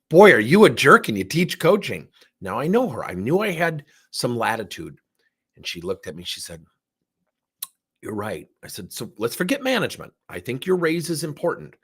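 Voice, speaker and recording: A man's voice: on the low side, slightly rough. A middle-aged man who trains coaches, telling a story in a session and acting out the dialogue with theatrics. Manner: animated, acts out dialogue with theatrics.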